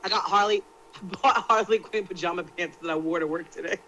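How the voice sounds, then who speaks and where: Woman, panel guest, talkative and animated, slangy complaints. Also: lowish voice, fairly quick, dull audio, a little hiss or hum. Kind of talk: casual chat.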